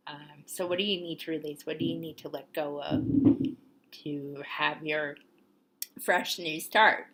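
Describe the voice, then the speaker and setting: A woman's voice: low-pitched, steady tone, measured pace, background noise. A young woman hosting an oracle card reading, talking casually and encouragingly, rambling with ums and little laughs. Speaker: oracle card reader, channel host. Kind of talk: casual spiritual video talk.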